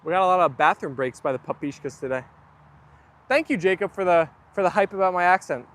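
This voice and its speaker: A man's voice: high-pitched, fast, fairly bright tone. A young man hosting a casual livestream, chatting and reading viewer comments aloud. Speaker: livestream host. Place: outdoors near a garden.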